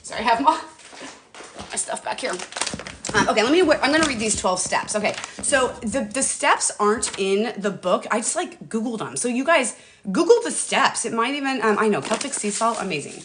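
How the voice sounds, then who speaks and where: A woman's voice: on the high side, expressive, normal speed, fairly bright tone, slight background noise. Chatty, emotional woman on a livestream. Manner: chatty, emotional, addresses viewers as "you guys". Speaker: livestream host. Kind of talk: casual livestream chat. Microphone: phone or webcam.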